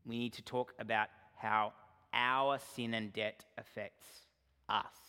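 A male pastor giving a sermon to his church, earnest and direct, swinging from emphatic points to quiet asides. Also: on the low side, little pitch movement, slow, smooth. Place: church sanctuary. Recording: long hall reverb.

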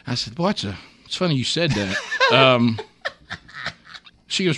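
A man's voice: mid-range voice, expressive, normal speed, sharp tone, slight background noise. A man hosting a morning radio show, rambling through a funny story and acting out the quotes with laughter. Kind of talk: casual morning radio chat.

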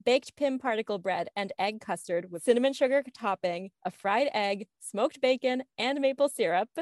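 A woman's voice: a little high, expressive, normal speed, dry recording, studio quality. A woman co-hosting a casual chat show, reading news items with bubbly, giggly enthusiasm. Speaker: podcast co-host.

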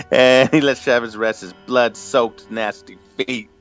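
A man hosting a casual podcast, summarizing a TV episode in a relaxed way with frequent laughs. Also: mid-range voice, slow, highs cut off, faint music behind. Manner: relaxed, laughs often, many fillers. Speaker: podcast host. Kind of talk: casual recap chat.

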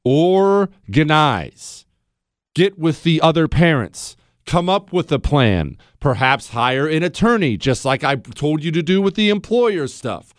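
Man, talk radio host, ranting, sarcastic, high lively voice, dry close sound. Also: unhurried, dry recording.

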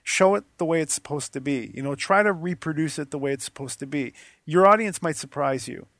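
A man co-hosting a casual podcast, animated and jokey in his talk. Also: fairly high pitch, brisk, no echo. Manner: animated, jokey, drops to a near-whisper to imitate soft talk. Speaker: podcast co-host.

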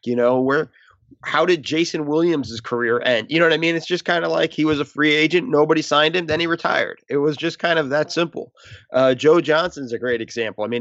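A man's voice: fairly high pitch, a bit bright, no echo, lo-fi sound. A man co-hosting a casual sports podcast, rambling and restarting his sentences as he talks. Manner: rambling, restarts often, self-aware about stuttering. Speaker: podcast co-host.

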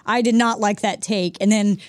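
A woman's voice: medium pitch, fairly even intonation, normal speed, no echo, studio quality. A woman co-hosting a radio talk show, telling a story in an earnest, chatty way. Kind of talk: casual talk-show chat. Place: radio studio.

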